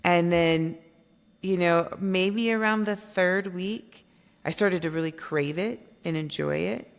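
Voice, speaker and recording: A woman guest on a podcast, telling her story in an animated way and acting out quoted dialogue. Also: on the low side, slow pace, creaky, clear, resonant tone. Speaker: guest, company founder. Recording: long reverb.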